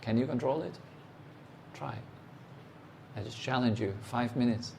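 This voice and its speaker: Slow, gravelly man giving a meditation talk. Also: mid-range voice, darkish tone, slight background noise. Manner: questions the listener directly and challenges them; short, unhurried phrases with pauses. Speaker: meditation teacher.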